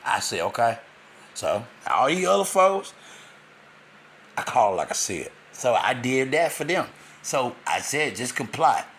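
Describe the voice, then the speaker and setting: A man rants to the camera in a rambling, angry monologue full of swearing. His voice is bright and forceful. A faint hum of ambience sits behind him. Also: mid-range voice, very animated, a little slow, echoey room. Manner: loud and heated in the second half. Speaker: vlogger. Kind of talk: ranting monologue.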